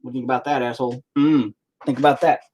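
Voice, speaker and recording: A man's voice: medium pitch, flat delivery, very fast, darkish tone, breathy edge. A man hosting a livestream in casual chat, rambling and teasing the viewers with lots of profanity. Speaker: livestream host.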